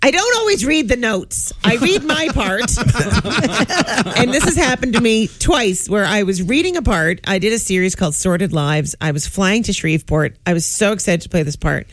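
A woman's voice: medium pitch, moderate pace, no echo. A middle-aged woman, a guest actress, telling funny self-mocking stories in casual talk-show chat. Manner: animated storyteller, self-mocking jokes.

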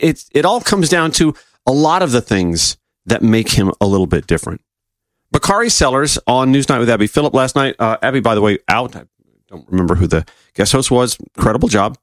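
A man's voice: mid-range voice, dry recording. A man speaking in a casual, opinionated political commentary monologue, firing off rhetorical questions.

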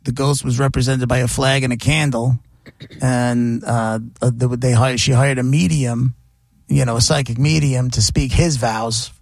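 A man's voice: medium pitch, steady tone, moderate pace, gravelly, no room sound, clean studio sound. A man hosting a radio show, chatting casually and jokily, rambling with frequent restarts. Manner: rambling, jokey, restarts often. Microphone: studio microphone.

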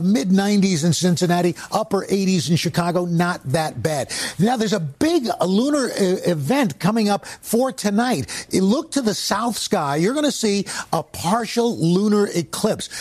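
Jovial high-voiced male weatherman. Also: a little mellow. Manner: jovial, playful, breezy delivery. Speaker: weather presenter. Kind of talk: live TV weather forecast.

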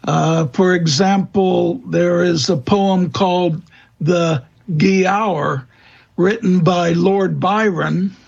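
A man speaking as a guest expert in an interview, answering in a halting way with many fillers and restarts. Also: sits high, steady tone, vocal fry, husky, highs cut off. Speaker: guest expert on vampire lore.

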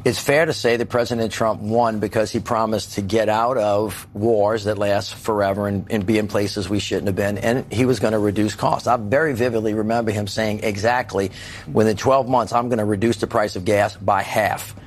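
A man's voice: on the low side, fairly even intonation, moderate pace, slight background noise. A man speaking as a political guest on a panel show, folksy and emphatic, acting out the voices of ordinary people.

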